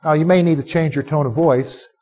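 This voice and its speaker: A male pastor preaching a sermon to a live congregation, animated and conversational, quizzing listeners to answer back. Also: fairly high pitch, fairly quick. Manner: direct, conversational asides to the listeners. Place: church service before a live congregation.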